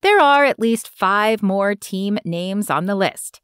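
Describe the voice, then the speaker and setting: A woman's voice: medium pitch, expressive, slow pace, a bit bright, smooth, no echo. Woman narrating an audiobook, dry sound. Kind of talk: first-person novel narration.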